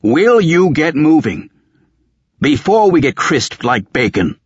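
A man's voice: low-pitched, very animated, a little slow, slightly rough, no echo, lo-fi sound, heavily acted. A man reading an audiobook, voicing an imperious old male wizard who scolds in indignant, haughty tirades.

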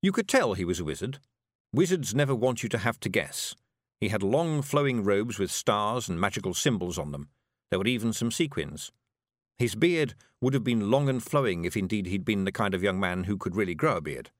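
A man reading an audiobook in an expressive storytelling manner. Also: on the low side, a little fast, dry recording, studio quality. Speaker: audiobook narrator. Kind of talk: scripted audiobook narration.

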